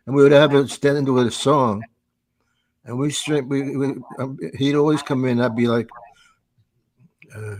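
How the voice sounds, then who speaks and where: An older man hosting a comedy podcast, rambling through stories with halting restarts and put-on voices. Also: mid-range voice, fairly even intonation, darkish tone. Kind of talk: casual comedy podcast chat.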